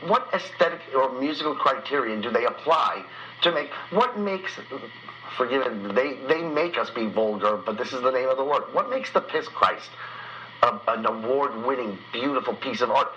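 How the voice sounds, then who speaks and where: Halting man in a dull lo-fi interview clip. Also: medium pitch, expressive, bright, forceful tone. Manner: halting, repeats words. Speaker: interview guest. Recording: dull lo-fi clip with faint hiss.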